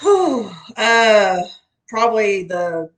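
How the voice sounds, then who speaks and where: A woman's voice: mid-range voice, sing-song, very slow, poor audio. A woman client in a casual conversation, answering with short, hesitant affirmations.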